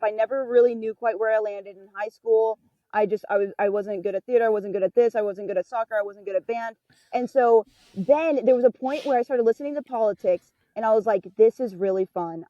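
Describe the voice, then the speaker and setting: A woman's voice: warm tone, no echo, dull audio. A woman in her twenties, a guest comedian chatting casually on a podcast and telling candid stories, acting out the people she quotes. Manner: candid storyteller, acts out quoted people with pitch jumps.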